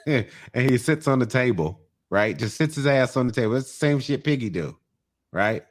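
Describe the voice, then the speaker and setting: A man's voice: mid-range voice, moderate pace. A man with a New York accent, co-hosting a podcast and recapping a reality show, acting out people's lines as he tells the story. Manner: animated storyteller, acts out quotes. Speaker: podcast co-host.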